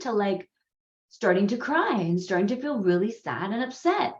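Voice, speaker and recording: A woman's voice: on the high side, moderate pace. Candid woman, Gujarati native, roomy sound. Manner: candid, animated storytelling with frequent laughs. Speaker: parenting course host. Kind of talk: conversational course talk. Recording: roomy, slightly dull sound.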